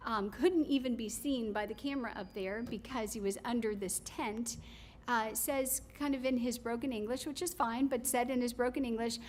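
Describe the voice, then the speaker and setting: Animated woman telling a story at a podium. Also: on the high side, moderate pace, slight background noise. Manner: animated storytelling, many fillers. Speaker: public commenter. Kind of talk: public comment at a county meeting. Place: county commission chamber.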